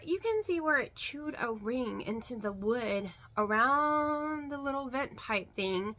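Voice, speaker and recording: A woman's voice: on the high side, sharp tone. A woman vlogger talking casually to the camera, rambling and emphatic, repeating words for stress. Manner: rambling and chatty, with many fillers.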